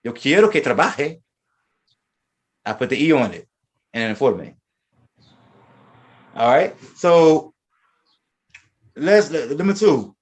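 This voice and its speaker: A man's voice: fairly high pitch, big pitch swings, takes it slowly, long pauses. A man teaching a Spanish class, explaining verb forms and often repeating and restarting his words. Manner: reads out verb conjugations one by one. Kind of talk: classroom lesson.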